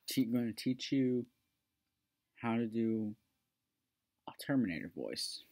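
A man's voice: mid-range voice, lively intonation, takes it slowly, darkish tone. A man casually teaching how to do a movie voice impression, chatty and self-deprecating. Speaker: video maker teaching a voice impression. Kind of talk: casual tutorial.

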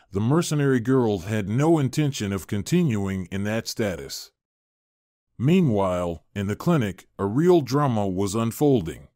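A man reading a scripted story aloud in a steady, even manner. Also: medium pitch, dry recording, studio quality.

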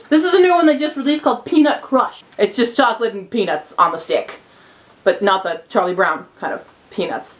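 A young woman vlogging at home, hyper, giggly and excitable, talking straight to her camera. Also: sits high. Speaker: vlogger and English teacher in Japan. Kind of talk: casual vlog. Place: indoors at home.

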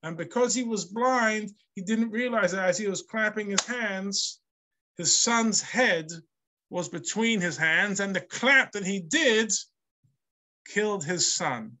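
Male rabbi teaching a class, slow and bright, reads then translates. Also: high voice. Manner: reads the Hebrew aloud, then translates and explains. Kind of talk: text study lesson.

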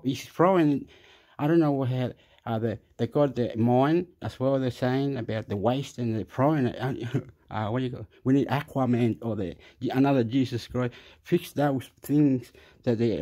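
Rambling foul-mouthed guy ranting over a news clip, drops spanish words, mid pitch. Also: warm tone. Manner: rambling, crude, swears a lot, mixes in Spanish. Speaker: video commentator.

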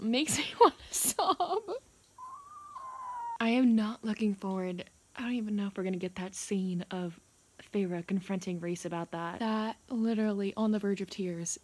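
A young woman with a Southern US accent, chatting casually in a book vlog, gushing with lots of laughs and "like". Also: mid-range voice. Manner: excited gushing with frequent laughs and "like". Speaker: book vlogger.

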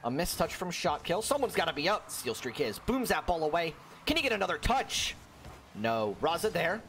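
A young man giving solo play-by-play commentary on a video game match, excitable and jokey, with a worn-out voice. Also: a little high, moderate pace, a little hiss or hum. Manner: excitable, jokey, frequent exclamations. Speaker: esports caster.

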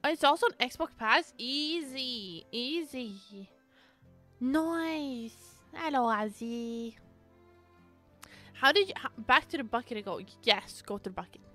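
A high, bright woman's voice that leaps all over the place, talking unhurriedly through a casual game stream. She gets excitable and swears freely while greeting her chat, with faint game music underneath. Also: takes it slowly. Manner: excitable, swears often, reads chat aloud. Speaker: live streamer.

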